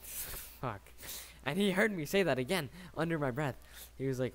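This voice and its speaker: A man's voice: medium pitch, expressive, moderate pace. A young man in his late teens telling a casual story, rambling and slangy, swearing often and tagging his sentences with "right?".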